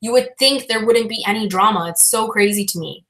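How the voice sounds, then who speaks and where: Brief: young woman vlogger, casual livestream chat, bright voice, roomy echo. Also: medium pitch, a little fast. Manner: chatty, many fillers, reads chat aloud.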